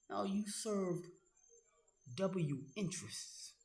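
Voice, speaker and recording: Taking it slowly in a high, slightly mellow voice, an online commentator confronts a critic head-on. His monologue is heated, angry and full of profanity, and the room gives it an echoey sound.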